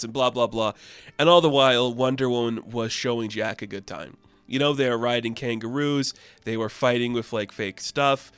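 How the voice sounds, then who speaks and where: Excited guy recapping a comic, rambly, lots of fillers, dry close sound. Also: mid-range voice, normal speed, clean tone, no room sound. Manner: enthusiastic, rambling, many fillers. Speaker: comic book reviewer.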